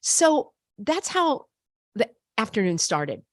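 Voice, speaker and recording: Older woman ranting on her vlog, pitch jumps all over, dry close sound. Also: takes it slowly, no room sound. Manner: animated, indignant, emphatic. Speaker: vlogger. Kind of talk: casual storytelling to camera.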